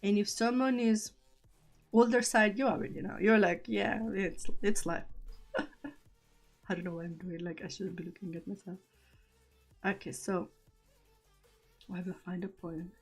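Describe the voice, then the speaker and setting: A woman's voice: medium pitch, steady tone, normal speed, long pauses, breathy edge, soft background music. Giggly woman chatting on a live stream. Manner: giggly, self-conscious, breaks into laughter. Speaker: streamer host. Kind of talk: casual live-stream chat and poem reading.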